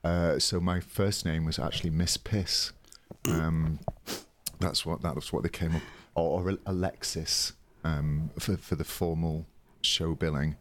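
A British drag performer in his thirties tells stories as a guest in a casual interview, chatty yet hesitant, with many ums and restarts. His voice is extremely low and fairly even in intonation, unhurried, with a little hiss or hum.

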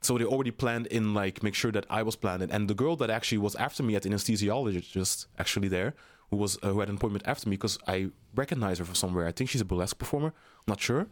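Low-voiced man telling a story, animated and blunt. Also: quick pace. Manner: animated, with constant "you know what I mean" asides; blunt and profane when worked up. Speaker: podcast guest. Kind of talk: casual storytelling.

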